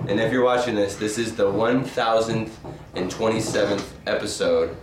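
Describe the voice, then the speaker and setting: A man's voice: on the low side, fairly even intonation, moderate pace. A man hosting a casual stoner chat at home, brash, profane and teasing. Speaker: host. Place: room at home near a water heater. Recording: roomy, distant mic, noisy.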